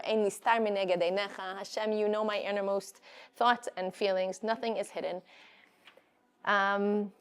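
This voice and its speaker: A woman's voice: medium pitch, a little mellow, smooth. A woman giving an informal Torah class, talking conversationally with frequent restarts and Hebrew terms mixed in. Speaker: Torah teacher.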